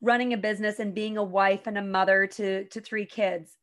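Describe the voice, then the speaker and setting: A woman's voice: mid-range voice, steady tone, normal speed. A woman hosting a podcast interview, chatty and encouraging. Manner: warm, effusive, encouraging. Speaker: podcast host. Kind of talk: casual interview chat.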